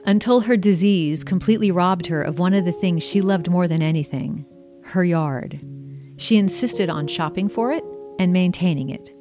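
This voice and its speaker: A woman's voice: on the low side, darkish tone. A middle-aged woman from the American South reading her memoir aloud in a wry, conversational storytelling manner. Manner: conversational, wry storytelling with lightly acted dialogue. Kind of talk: audiobook memoir narration.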